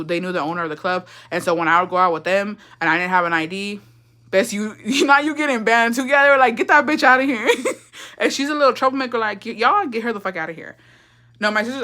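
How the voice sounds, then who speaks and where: A young woman from Texas telling family stories in a casual chat, animated and profane, acting out what people said. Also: lowish voice. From Texas, USA. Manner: profane, animated, gossipy, acts out quotes. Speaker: storyteller.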